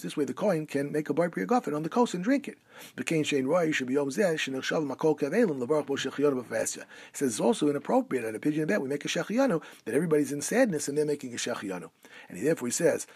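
A man's voice: medium pitch, a little mellow, husky, no echo. A man teaching a class on Jewish law, reading rabbinic phrases aloud and then translating them. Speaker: Torah teacher.

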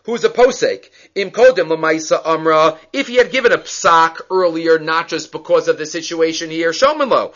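Talmud teacher, man, high bright voice, animated, dull lo-fi recording. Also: normal speed, hardly any pauses. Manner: animated, acts out the dialogue. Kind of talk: Talmud class lecture.

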